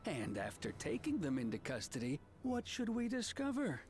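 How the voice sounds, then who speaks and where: A man's voice: a little high, huge pitch swings, moderate pace. A weary, haughty lawman. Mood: weary, condescending. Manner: sighing, exasperated, formal and condescending. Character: weary, haughty male lawman, middle-aged. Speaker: deputy chief of a frontier town's watch. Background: game music.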